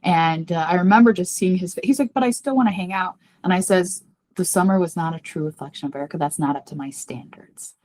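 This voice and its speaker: An earnest woman with a slightly low voice confides a personal story as a podcast guest. She speaks openly and animatedly, and her voice leaps upward whenever she acts out what someone said. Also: fast talker. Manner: earnest and confiding, talks about herself by name; animated, jumps high when acting out quoted voices. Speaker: podcast guest, psychic medium.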